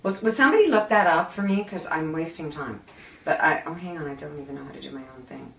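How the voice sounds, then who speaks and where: A woman's voice: sits low, fast, creaky. Chatty woman cooking in an echoey kitchen. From Canada. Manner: chatty, animated and self-deprecating, with frequent asides. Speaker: cooking show host. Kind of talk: live cooking demonstration. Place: home kitchen. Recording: echoey kitchen, mic at a distance.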